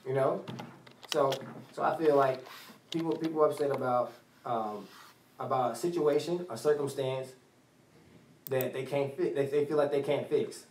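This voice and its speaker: A man's voice: medium pitch, moderate pace, long pauses, a little mellow, far from the mic, slight background noise. A man hosting a talk radio show, rambling and repeating phrases as he talks. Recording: roomy studio sound from off mic.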